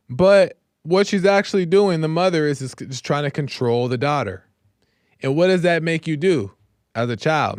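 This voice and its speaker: A man hosts a show and talks through a crime case like he's telling a friend, tossing in "right?" after nearly every beat. His voice sits a bit high and sounds smooth and clean. The recording is dry and close. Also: no echo. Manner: conversational, keeps checking in with "right?". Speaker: host. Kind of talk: casual true-crime storytelling.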